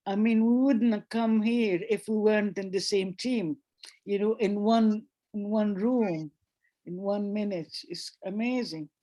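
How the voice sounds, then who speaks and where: A woman's voice: medium pitch, fairly even intonation, a little slow, warm tone. A woman in a casual discussion, talking in a chatty, anecdotal way, often laughing.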